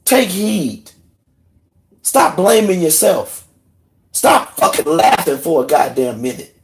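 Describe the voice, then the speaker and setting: Angry guy venting on a stream, swearing a lot, drops to a mutter then yells, kinda choked up. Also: sing-song, slow pace. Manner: heated, profane, swings between low muttering and shouting. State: emotional, in tears. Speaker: livestream host. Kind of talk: angry livestream rant.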